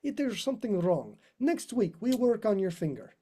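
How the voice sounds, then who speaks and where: A man does a voice for a demanding male guitar teacher, pitched well above his own speech. The lines come clipped and insistent, in short broken phrases. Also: very animated, moderate pace, dark tone, husky, heavily acted.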